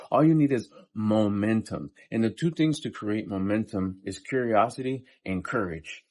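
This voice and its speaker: A man's voice: on the low side, brisk, few pauses, a little mellow. A man in his fifties giving a casual, profane motivational talk between workout sets in a day-in-my-life vlog. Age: 50s. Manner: blunt, profane and pep-talking. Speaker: vlogger.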